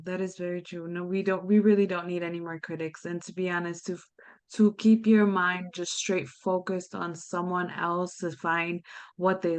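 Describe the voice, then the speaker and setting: A woman with a somewhat low voice hosting a podcast conversation. She thinks out loud in a relaxed, casual way and often uses "you know" and "to be honest.". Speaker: podcast host. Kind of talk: conversational interview.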